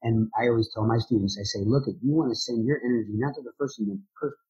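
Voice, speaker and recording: A man, a drummer and motivational speaker, answering interview questions in an energetic, enthusiastic way. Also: mid-range voice, fast, husky, dull audio.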